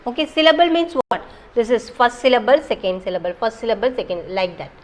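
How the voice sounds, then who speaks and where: A woman teacher with a Kerala Indian English accent explaining a grammar lesson, pausing with fillers and asking if students follow. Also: fairly high pitch, low-quality recording. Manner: explains slowly with many fillers and check-ins. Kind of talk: recorded online English lesson.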